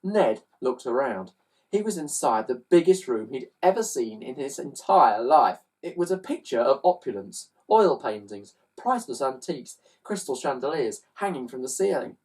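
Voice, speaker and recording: Husky, animated woman reading aloud. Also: a bass voice, moderate pace, far from the mic. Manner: animated, with loud sound effects. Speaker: storyteller. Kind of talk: children's story reading.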